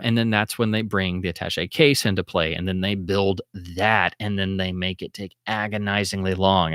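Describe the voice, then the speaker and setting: A man with a low-pitched voice talks through film history on his livestream, casual and excitable. He jumps up high when he acts out an audience's alarm, and the sound is dry and close. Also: clear, resonant tone, dry recording. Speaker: livestream host.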